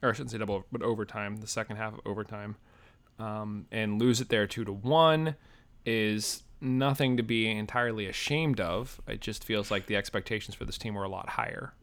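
A man hosting a sports podcast in a low voice, speaking in a measured, even way. He steers the talk and sets up what comes next, in a relaxed, unscripted chat. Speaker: podcast host. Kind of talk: casual chat.

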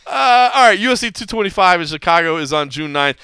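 A man in his forties hosts a casual podcast, rambling through animated stories. His voice is bright and crisp, and he talks quickly. The recording is dry and close. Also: sits high, no room sound. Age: 40s. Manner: rambling, animated storytelling with many restarts. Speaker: podcast host. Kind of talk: casual chat.

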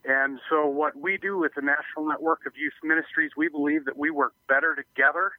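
Man, phone guest, mid pitch, tinny phone-line sound, earnest, explanatory. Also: fairly even intonation, a little fast, no echo. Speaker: guest youth ministry coordinator. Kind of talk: phone interview. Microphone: telephone.

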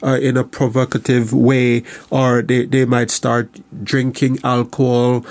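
Male counselor, talk radio guest, gravelly, halting explanations. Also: medium pitch, monotone, a little mellow. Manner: halting, repeats words while explaining. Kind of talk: radio talk show discussion.

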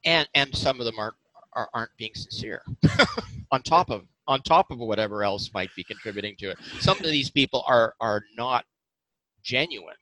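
A man's voice: mid-range voice, animated, normal speed, bright, forceful tone, no room sound, low-quality recording. A male podcast guest speaking earnestly and carefully, sometimes hesitating as he explains. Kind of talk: casual interview talk.

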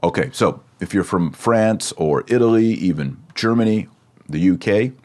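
A man's voice: lowish voice, normal speed, a little mellow. A man with a Texan accent teaching an online lesson, patiently explaining each step. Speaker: Latin teacher.

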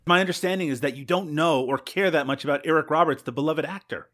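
Podcast host, male, from Newfoundland, fast talker, dry and teasing. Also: fairly high pitch, a bit bright. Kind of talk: casual chat.

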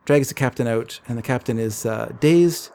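A man in casual chat, retelling a comic's plot in a relaxed storytelling way with fillers. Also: medium pitch, normal speed, creaky, smooth. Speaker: podcast co-host.

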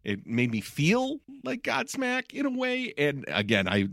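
A man on a podcast giving measured, hedging opinions in casual chat. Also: fairly high pitch, wildly swooping pitch, vocal fry, a bit bright, no echo, clean studio sound.

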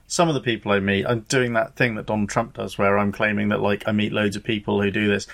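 A man hosting a podcast in casual chat, dry and deadpan, with hesitant ums. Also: medium pitch. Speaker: podcast host.

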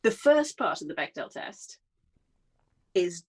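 A woman's voice: lowish voice, slow, breathy edge. A middle-aged woman co-hosting a podcast, chatting eagerly with stammering starts. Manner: animated, enthusiastic, stammering starts. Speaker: podcast co-host. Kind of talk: casual chat.

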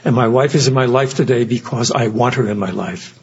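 A man's voice: medium pitch, brisk, lo-fi sound, slight background noise. An older man giving an earnest, reflective personal talk at a recovery meeting. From United States. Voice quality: very husky.

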